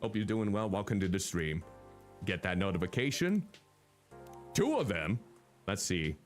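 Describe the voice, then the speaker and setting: A man hosting a game stream, chatting casually with guests. His voice moves up and down in a lively way and he likes to babble silly mock dialogue. Faint music plays underneath. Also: sits low, normal speed. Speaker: streamer host.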